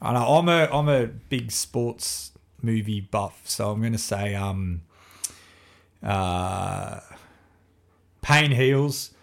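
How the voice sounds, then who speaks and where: A man's voice: lowish voice, slow pace, gravelly, pauses often. A younger Australian man, a podcast guest, telling stories in casual chat with plenty of swearing. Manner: swearing, storytelling, animated.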